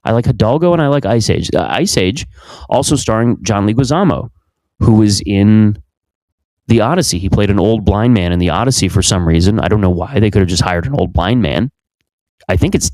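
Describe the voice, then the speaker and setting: A man's voice: fairly low pitch, a little mellow, dry recording. A young man hosting from his home basement, rambling crudely through a casual comedic monologue and interrupting himself often. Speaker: podcast host.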